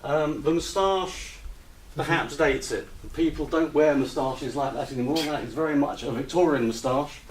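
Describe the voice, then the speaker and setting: A man's voice: a little high, normal speed. Hesitant man lecturing in a roomy hall. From United Kingdom. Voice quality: hesitant, many ums and uhs. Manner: relaxed, gently humorous. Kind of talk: presentation talk with slides. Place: retreat lecture room with audience. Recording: roomy echo, distant mic, faint hiss.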